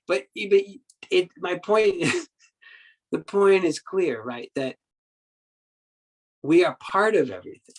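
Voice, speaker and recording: Male meditation teacher at a dharma talk, mid-pitched, halting storyteller who repeats words for emphasis. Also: lively intonation, low-quality recording. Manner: acts out quoted speech in the story.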